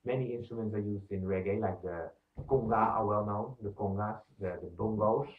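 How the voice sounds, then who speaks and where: Man in his own voice teaching percussion, counts beats aloud and explains slowly; distant, thin phone-like recording in an echoey room. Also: fairly low pitch. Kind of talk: instructional demonstration.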